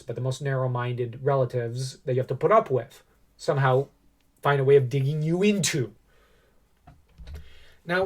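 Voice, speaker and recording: A man's voice: mid-range voice, darkish tone. Chatty male podcast host. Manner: rambling, chatty retelling with restarts. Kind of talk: casual movie review chat.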